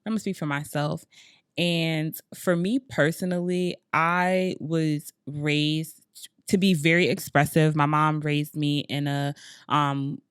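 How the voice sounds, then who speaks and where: A woman's voice: sits low, fairly even intonation, slow pace, smooth, no echo, clean studio sound. A woman co-hosting a podcast, talking openly and casually about her feelings, with plenty of "like" and "you know". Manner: candid, emotionally open, chatty. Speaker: podcast co-host.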